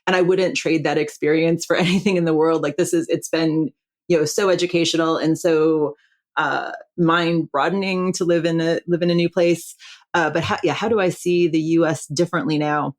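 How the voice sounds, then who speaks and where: A woman's voice: deep voice, steady tone, normal speed. A middle-aged American woman from Buffalo, New York, chatting as a podcast guest over a video call, laughing often and restarting her sentences. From Buffalo, New York, USA. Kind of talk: casual interview chat.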